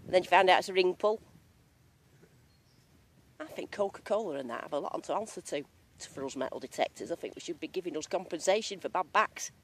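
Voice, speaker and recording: A woman's voice: on the low side, expressive, fairly quick, husky. Chatty English woman with slang. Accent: regional English. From England. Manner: chatty, jokey, lots of slang. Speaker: metal detecting vlogger. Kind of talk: casual outdoor vlog narration. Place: outdoors in a field.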